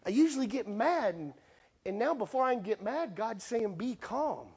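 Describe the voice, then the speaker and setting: A middle-aged male pastor preaching a sermon, animated, with playful acted asides to the congregation. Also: high voice, normal speed, breathy edge.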